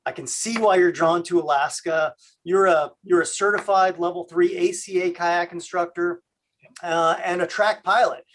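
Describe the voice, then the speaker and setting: A man from Canada hosting a video call, talking in a halting way with many fillers. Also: high-pitched, steady tone, fairly bright tone. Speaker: host.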